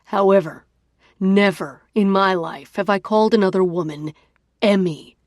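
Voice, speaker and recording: A woman's voice: mid-range voice, moderate pace, no echo, studio quality, lightly acted. Woman doing a cutting angry young man. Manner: sharp, emphatic, listing points.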